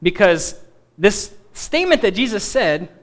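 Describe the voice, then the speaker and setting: High, lively-voiced man preaching. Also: unhurried. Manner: emphatic, swings from loud stresses to quiet asides. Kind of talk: bible teaching sermon.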